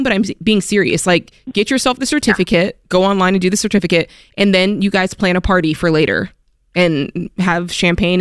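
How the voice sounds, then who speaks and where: A woman's voice: lowish voice, no echo, studio quality. A woman hosting a call-in advice show, direct and practical, laughing while staying serious.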